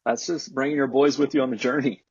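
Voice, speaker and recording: Husky young man, dull dry recording. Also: mid-range voice, steady tone, fast, a little mellow, dry recording. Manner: wry, musing questions. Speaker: podcast guest. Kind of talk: casual sports betting chat.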